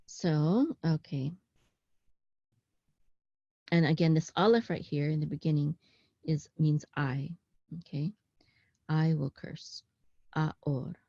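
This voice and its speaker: Woman teaching slow and patient, low mellow voice, dull lo-fi sound. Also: dry recording. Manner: patient, syllable-by-syllable, frequent "okay" and "right?". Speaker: Hebrew teacher. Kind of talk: slow explanatory lesson.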